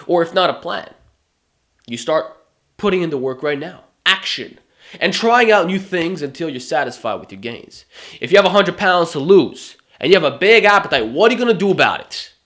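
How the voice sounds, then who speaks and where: A man with a fairly high voice delivers a motivational fitness talk straight to camera. He drives his points home with emphatic rhetorical questions and pushes hard on each one. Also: fairly bright tone. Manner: emphatic, rhetorical questions, mocking put-on whines. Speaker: fitness YouTuber.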